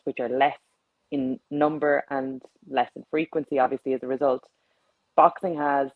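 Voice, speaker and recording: A woman, a panelist on a sports talk show, measured and wry. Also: very deep voice, no echo, narrow, tinny audio. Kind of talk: casual panel chat.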